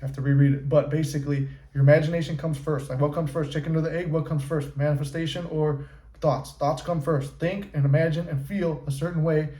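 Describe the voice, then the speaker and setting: A man coaching on manifestation in a casual, profane, animated monologue. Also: a little high, brisk. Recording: echoey room.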